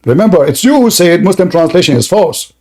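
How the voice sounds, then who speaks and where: Combative high-voiced man, straining throat. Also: expressive, a little fast, dark tone. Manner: combative, insulting, repeats questions. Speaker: debate host. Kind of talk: heated online debate.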